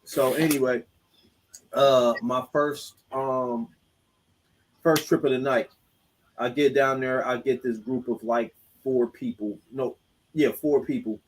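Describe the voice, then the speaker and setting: A man's voice: mid-range voice, steady tone, slow, long pauses, slight background noise, poor audio. A man co-hosting a podcast, telling a story in loose, joking, slangy talk. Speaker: podcast co-host. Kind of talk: casual chat.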